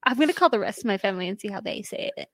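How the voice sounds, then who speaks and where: A woman's voice: mid-range voice, expressive, rapid-fire, creaky, fairly bright tone, no room sound. A woman who is about to marry, chatting casually and giggling playfully. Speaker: bride-to-be. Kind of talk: casual chat.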